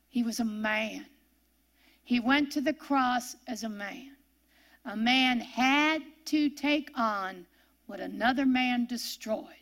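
A woman Bible teacher delivers a sermon at an unhurried pace. Her voice sits a little high. She reads scripture phrase by phrase, lingering on each word. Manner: slow, deliberate, reading scripture phrase by phrase.

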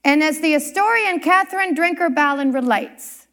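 A woman preaching a sermon, telling a historical story with dramatic pauses and emphasis. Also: high voice, fairly bright tone. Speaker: church speaker.

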